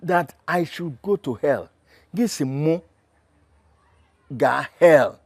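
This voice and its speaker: A man's voice: fairly high pitch, lively intonation, extremely slow, no echo, exaggerated voice. An actor with a Nigerian accent playing a father who soothes his pregnant daughter and then confronts the man responsible. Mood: indignant. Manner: pleading, tender then angry on phone. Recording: film soundtrack with loud music.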